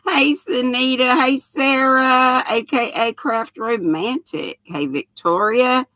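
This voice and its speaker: A woman's voice: high-pitched, slow pace, bright, forceful tone, no room sound. An older woman with a Southern accent, hosting a casual livestream, chatting folksily and greeting viewers one by one by name. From North Carolina. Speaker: livestream host.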